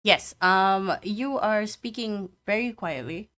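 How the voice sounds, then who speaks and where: A woman's voice: medium pitch, slow, a bit bright. A woman narrating as game master of a tabletop game, hesitant with many fillers.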